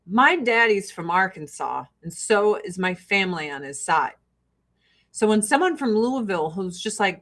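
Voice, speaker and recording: A woman with a Chicago-area Midwestern accent, talking in an unhurried, drawn-out way. She chats casually and bluntly with her viewers, swearing freely and breaking into laughs. Her voice sits at a middle pitch for a woman. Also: lively intonation, a bit bright. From Joliet, Illinois. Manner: blunt, profane, laughs often. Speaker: streamer answering viewer chat. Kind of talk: casual chat.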